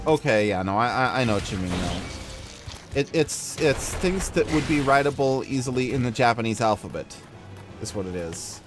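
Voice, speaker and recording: A man's voice: medium pitch, animated, normal speed, music in the background. A man hosting a casual game playthrough, rambling and wry, often correcting himself. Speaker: gameplay host. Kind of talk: casual let's play chat.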